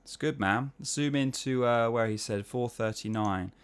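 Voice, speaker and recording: A man's voice: medium pitch, normal speed, clear, resonant tone, faint music behind. A man teaching singing in a casual, chatty way. He explains technique, then sings short vocal exercises to demonstrate. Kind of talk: online singing lesson answering viewer emails.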